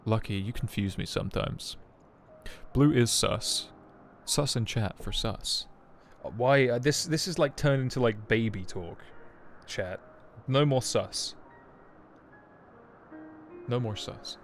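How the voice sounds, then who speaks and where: A man's voice: mid-range voice, measured pace. A young adult man streaming a game, chatting casually in a rambling, self-mocking way full of joking asides. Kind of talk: casual live-stream chat. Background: faint game music.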